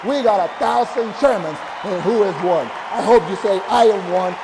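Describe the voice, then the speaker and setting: A man with a Spanish accent, a native Spanish speaker, giving an energetic, emphatic and repetitive motivational speech as a business coach. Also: high-pitched, normal speed, creaky, long reverb tail, crowd noise, background noise.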